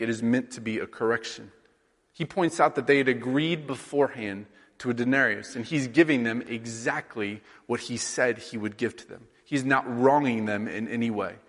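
A man's voice: medium pitch, fairly bright tone, in a large hall. A man in his thirties from rural Iowa, preaching a sermon in a conversational way, with lots of rhetorical questions. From rural Iowa, USA. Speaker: pastor.

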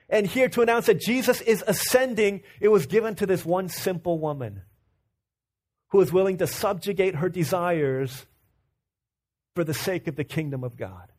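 High-voiced man preaching a casual sermon. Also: a little fast, a little mellow. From Virginia. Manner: conversational storytelling with restarts, addresses the room as y'all.

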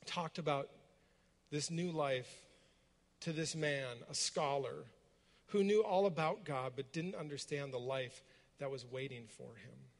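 A preacher with a somewhat high voice delivers a sermon to a gathered congregation, walking listeners through the story and pausing on rhetorical questions. A long reverb makes his voice ring out as if in a large hall.

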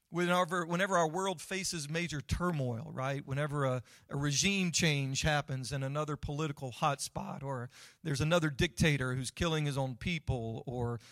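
A man's voice: high voice, a bit bright, no echo, clean studio sound. A man preaching a sermon in a conversational way, asking his listeners questions. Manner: conversational, asks the audience questions. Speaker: pastor.

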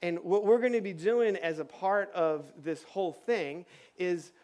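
A man's voice: high-pitched, a little slow, a little mellow. A man leading a children's church session on stage, playful and chatty with lots of fillers. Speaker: children's pastor. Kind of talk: lively children's church talk. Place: church stage with kids and adults.

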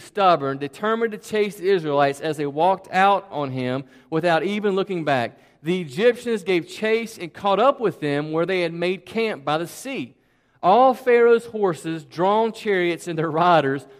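A man telling a Bible story as a sermon, in a casual, animated storytelling way with frequent asides to the listeners. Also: high voice, clear, resonant tone, big-room sound.

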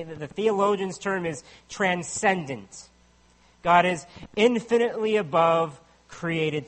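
A man's voice: fairly high pitch, a bit bright. A man preaching a sermon in a conversational way, often asking listeners rhetorical questions. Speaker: pastor.

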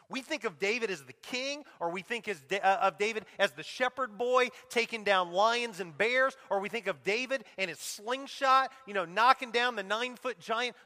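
A man's voice: high-pitched, pushed and bright. A middle-aged man preaching a sermon as a pastor, emotional and earnest, his voice sinking to a near-whisper at tender moments. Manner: emotional, drops to a near-whisper on quoted cries. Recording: long hall reverb.

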